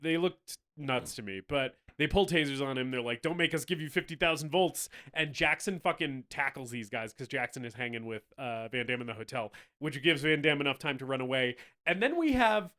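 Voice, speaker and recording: A man co-hosting a casual movie review podcast, animated and swearing, laughing often and acting out scenes. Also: mid-range voice, fairly quick, hardly any pauses. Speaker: podcast co-host.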